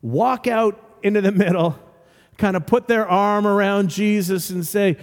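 Male pastor, high lively voice, conversational sermon delivery, church hall reverb. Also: measured pace. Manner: animated, conversational, acting out scenes.

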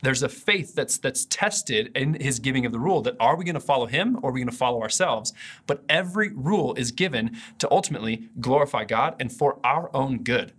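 Husky-voiced man preaching a sermon. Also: medium pitch, animated, fairly quick, a bit bright. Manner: earnest, conversational preaching with repeated restarts. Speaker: pastor. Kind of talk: video sermon.

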